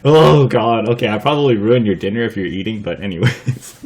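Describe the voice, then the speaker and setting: A man's voice: lowish voice, a little fast, a little mellow. Giggly, swearing young man telling stories. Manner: laughs often while talking, swears freely; rambling, filler-heavy delivery. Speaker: vlogger. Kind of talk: casual storytelling vlog.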